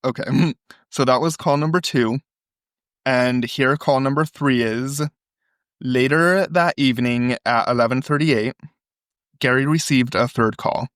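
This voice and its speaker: A man co-hosting a podcast in a relaxed, conversational way, reading from a transcript. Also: medium pitch, measured pace, clean tone, dry recording, clean studio sound. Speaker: podcast co-host. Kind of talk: casual chat, reading a transcript.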